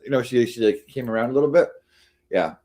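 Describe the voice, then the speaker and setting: Talking fast in a mid-range, dark voice, a male livestream host chats casually with his live audience. He rambles, using many fillers and starting over often.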